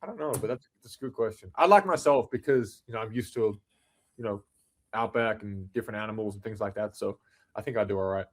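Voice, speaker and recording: A man's voice: fairly low pitch, fast. A young Australian man in his twenties, a basketball player, answering interview questions with short, easygoing replies in casual chat.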